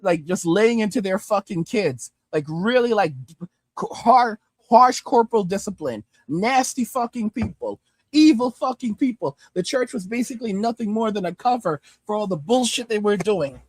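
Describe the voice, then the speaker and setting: A man with a high-pitched voice rants on a livestream, blunt and heated, swearing constantly. He speaks close to a studio microphone at his home desktop, the sound dry with almost no room in it. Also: no echo. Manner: blunt, heavily profane, heated. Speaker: livestream host. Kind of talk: ranting commentary and reading viewer comments. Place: home desktop streaming setup.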